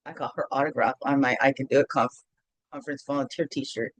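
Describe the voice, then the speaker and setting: A woman's voice: extremely low pitch, fairly even intonation, brisk, dry recording. A middle-aged woman hosting a casual morning video chat from home, playful and rambling, with sing-song bits. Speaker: host.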